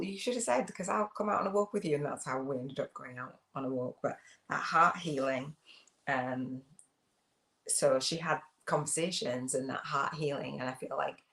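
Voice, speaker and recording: The host of a spiritual business channel runs a casual livestream, reading viewer comments in a rambling, reflective way full of fillers and restarts. Her very deep voice has a fairly bright tone, and the sound is roomy.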